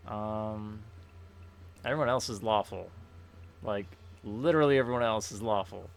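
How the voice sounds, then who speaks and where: A man's voice: lowish voice, moderate pace, gravelly. A man streaming a game playthrough, joking casually and reading on-screen text aloud.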